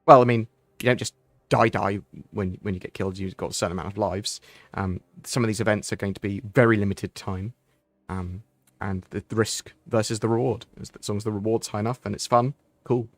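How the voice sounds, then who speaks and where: A man with a fairly low voice hosts a casual livestream, reading and answering chat questions from a home setup. He rambles in a friendly, chatty way, restarting sentences and filling gaps with ums. The sound is close and dry, with no room echo. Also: steady tone, a little fast.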